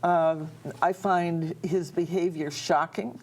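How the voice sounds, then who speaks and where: Earnest, halting woman on a TV panel. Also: fairly low pitch, fairly even intonation, darkish tone, breathy edge. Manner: earnest, halting, repeats words while searching. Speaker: panelist, speech coach. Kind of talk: political panel discussion. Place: TV studio.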